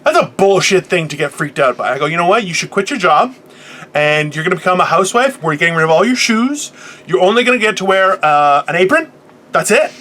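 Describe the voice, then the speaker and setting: A man in his forties co-hosting a podcast, telling a profane story in an animated casual rant with sudden loud outbursts. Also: high voice, a little fast. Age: 40s. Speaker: podcast co-host.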